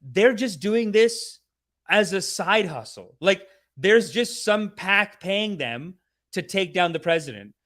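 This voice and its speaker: A young man hosting a casual, rambling review, profane and animated, who slips into mock voices for the people he describes. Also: sits high, takes it slowly. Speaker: show host reviewing a documentary series.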